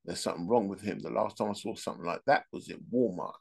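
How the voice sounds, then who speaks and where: Low-pitched, fast and slightly rough with vocal fry, this podcast host runs through a casual monologue of rambling, jokey stories, cracking himself up as he goes.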